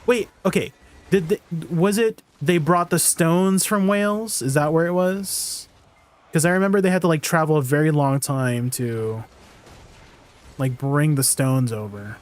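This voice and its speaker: A man with a somewhat high voice chatting through a casual game stream. He talks in an easygoing way, answers questions from his viewers and laughs easily along the way. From Canada. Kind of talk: casual gameplay stream chat.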